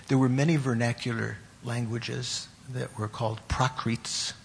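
A man teaching a class on Buddhist meditation and terms, pausing often, repeating words and putting questions to his students. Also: medium pitch, flat delivery, gravelly, a little hiss or hum.

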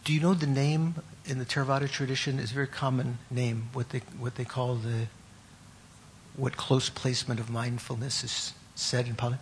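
Gravelly man teaching a meditation class. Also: medium pitch, level tone, a little hiss or hum. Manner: halting, repeats words, asks the class questions. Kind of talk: classroom lecture on Buddhist terms.

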